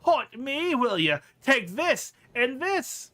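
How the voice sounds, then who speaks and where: A man putting on a shrill, muttering old crone. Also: big pitch swings, normal speed, sharp tone, exaggerated voice. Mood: indignant. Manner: sing-song, shrill, talks to herself. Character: muttering old female corpse-picker, sour and odd.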